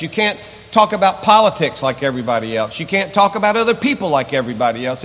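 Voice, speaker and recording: A male pastor delivers a sermon in a church, building intensity through repeated rhetorical questions and lists. His voice sits a little high. A long reverb from the hall trails every phrase. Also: a bit bright. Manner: impassioned, repetitive rhetorical questions.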